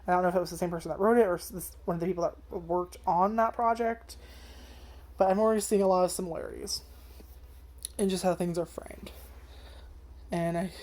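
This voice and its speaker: A young woman who reviews anime rants casually about a show's first episode, swearing a lot and packing her speech with "like" and "um." Her voice is lowish with a darkish tone.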